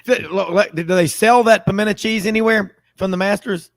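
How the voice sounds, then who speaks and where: A man hosts a sports talk show, chatting and rambling with easy laughter. His voice is a touch high with fairly even intonation at a normal speed, and the recording is dry and close.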